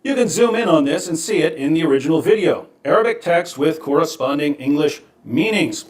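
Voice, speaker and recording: A man, a video creator, calmly explaining and showing his points in a measured, wry way. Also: on the high side. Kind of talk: explanatory monologue. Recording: echoey room.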